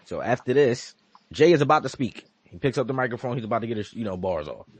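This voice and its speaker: Man, husky voice, lively pitch, podcast recap host, acts out quotes. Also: fast talker, no room sound. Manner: animated storytelling, acts out quotes, swears. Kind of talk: casual wrestling recap chat.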